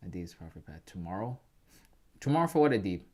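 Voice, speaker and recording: A man's voice: low voice, sing-song, fast, darkish tone. A man from Canada hosting a trading livestream, chatting casually and calling viewers "bro" and "guys".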